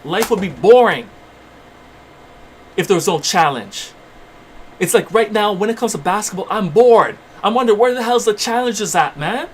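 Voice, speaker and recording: High-voiced man preaching fiery motivation. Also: expressive, fairly quick, slight background noise. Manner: fiery, exhorting, repetitive. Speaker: channel host.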